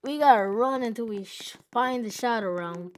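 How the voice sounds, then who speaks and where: High-pitched woman yelling through a game. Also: moderate pace. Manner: panicky, repeats herself, yelps and shouts. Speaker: gaming video host. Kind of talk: excitable gameplay commentary.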